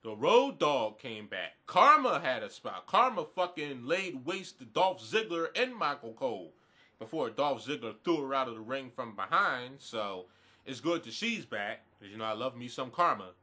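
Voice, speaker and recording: A man's voice: mid-range voice, sing-song, normal speed, bright, forceful tone. A man giving a blunt, profane, rambling review of a wrestling event in a casual rant, groggy this morning.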